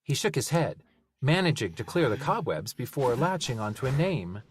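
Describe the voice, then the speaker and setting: A reader narrating a fantasy novel aloud in an expressive storytelling manner. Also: mid-range voice, normal speed, slight background noise. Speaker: audiobook reader. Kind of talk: audiobook narration.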